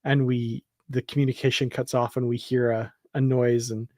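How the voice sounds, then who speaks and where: A man's voice: mid-range voice, flat delivery, normal speed, a little mellow, no room sound, studio quality. A man co-hosting a casual fan discussion, enthusiastic and laughing often, with lots of fillers. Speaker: podcast co-host.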